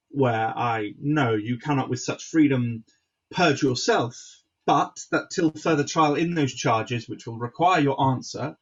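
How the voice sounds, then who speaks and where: A man playing a husky, grave king. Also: medium pitch, highs cut off. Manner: halting, with fillers and restarts. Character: grave king, commanding yet sorrowful. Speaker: stage actor. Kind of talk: Shakespearean stage acting.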